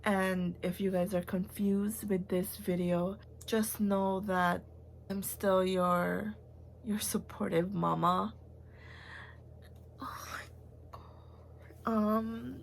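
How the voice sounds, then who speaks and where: Pausing often and speaking slowly, this young vlogger has a medium-pitched voice with a steady tone and vocal fry, over a faint hiss or hum. Her personal vlog is heartfelt and meandering, packed with fillers and false starts, and at moments she's close to crying.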